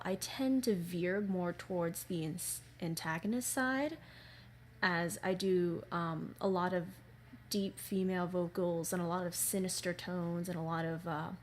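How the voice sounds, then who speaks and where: A woman voice actor recording a casual audition message, polite and hesitant with many pauses and fillers. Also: on the low side, a little hiss or hum.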